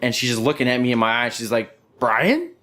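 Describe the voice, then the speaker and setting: A young adult man hosting a podcast, telling stories in an animated, profane way and saying "dude" and "bro" a lot. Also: mid-range voice, rapid-fire. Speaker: podcast host. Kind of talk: casual storytelling chat.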